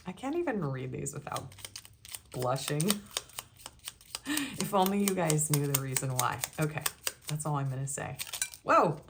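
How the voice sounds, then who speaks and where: A young woman with a notably low voice gives a casual pick-a-card love reading. She reads card messages aloud and chats and giggles between them. A faint hiss sits under her voice. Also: animated, normal speed, long pauses. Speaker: tarot reader.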